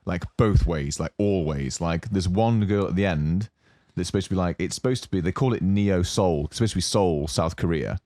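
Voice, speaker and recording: A young adult man co-hosting a podcast, casually telling a long story with lots of fillers and animated asides. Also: low-pitched, normal speed, dry recording. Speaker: podcast co-host. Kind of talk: casual chat.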